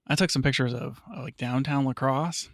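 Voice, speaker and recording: A man's voice: medium pitch, normal speed, creaky, no room sound, clean studio sound. A man hosting a podcast, chatting in a rambling, self-mocking way with frequent laughs. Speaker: podcast host. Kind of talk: casual chat.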